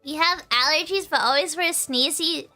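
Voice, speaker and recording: Speaking at a normal speed over faint music, a young adult woman with a high-pitched voice hosts a casual stream. She reads comments from viewers, her bubbly, giggly manner animated and playful, with laughter bursting out often.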